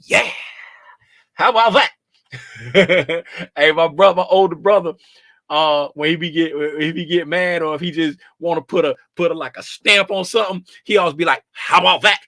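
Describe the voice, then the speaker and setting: A man's voice: on the high side, normal speed, a bit bright, dry recording, studio quality. A man hosting a trading livestream, chatting casually and playfully and greeting viewers by name.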